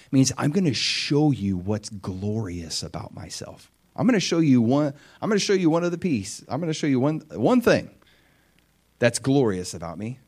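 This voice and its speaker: A man preaching a sermon with animated, emphatic delivery and frequent questions to his listeners. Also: medium pitch, normal speed, slightly rough.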